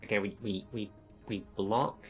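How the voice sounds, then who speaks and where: A man with a fairly low voice chats casually while he plays a strategy game, thinking aloud as he goes. He stumbles and restarts often as he decides his moves, with faint game music under him. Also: steady tone, a little slow, fairly bright tone, rough recording. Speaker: streamer.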